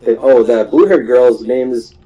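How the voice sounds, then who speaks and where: Mellow young man casually recapping an anime. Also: mid-range voice, moderate pace, lo-fi sound. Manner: rambling, full of fillers and laughs.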